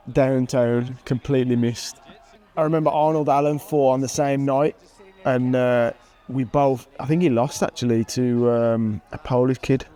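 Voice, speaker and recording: A man in his thirties, an MMA fighter, casually commentating on his own old fight footage with animated excitement and frequent chuckles. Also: medium pitch. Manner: animated, chuckles at himself, bursts of excitement at big moments. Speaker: MMA fighter and channel host.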